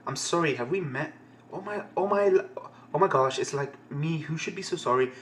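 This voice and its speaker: A man puts on a chattering teenage fangirl who gushes in valley-girl filler words, her voice pitched a little high. A faint hiss of noise sits behind her. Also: normal speed, fairly bright tone, close to an everyday voice. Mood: gushing.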